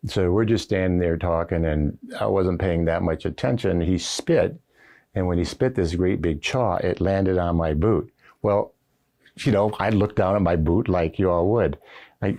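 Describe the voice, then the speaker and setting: Here a retired Marine general, now older, shares anecdotes in a low voice with a dark tone. The recorded oral history interview finds him folksy and filler-heavy, leaning on "uh" and "you know," while the interviewer sits behind the camera.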